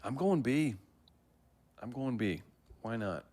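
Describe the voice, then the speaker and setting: A man's voice: medium pitch, expressive, takes it slowly, darkish tone. A man hosting a trivia night over a livestream, chatty and joking, laughing often. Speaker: trivia host.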